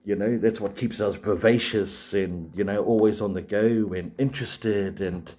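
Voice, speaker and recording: A man's voice: lowish voice, moderate pace, dark tone. A man, hosting a live stream and rambling chattily to viewers with many fillers and restarts. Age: 40s.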